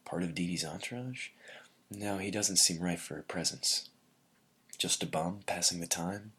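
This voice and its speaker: A man reading a first-person literary story in a measured way, often sinking to a breathy near-whisper. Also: deep voice, pushed and bright. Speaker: narrator.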